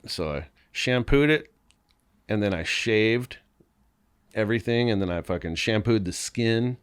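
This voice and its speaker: A man, a podcast guest, telling crude anecdotes in a casual, animated way, swearing often and laughing as he goes. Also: lowish voice, unhurried, clean tone. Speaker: podcast guest, band member. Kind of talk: casual storytelling.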